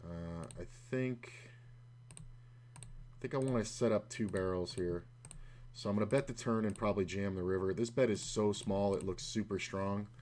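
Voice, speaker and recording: A man with a darkish voice on the low side streams online poker from home at a computer, casually chatting and talking through his hands. He mutters frustrated asides, and faint hum and keyboard clicks fill the background.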